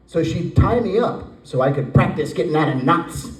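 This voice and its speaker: A man in his forties tells a rambling stand-up story, slipping into acted voices along the way. His voice sits a little high for a man. It is heard from some distance in a roomy, echoing space. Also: expressive, moderate pace, noisy background. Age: 40s. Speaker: stand-up comedian. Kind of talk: stand-up comedy set. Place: brewery stage with live audience.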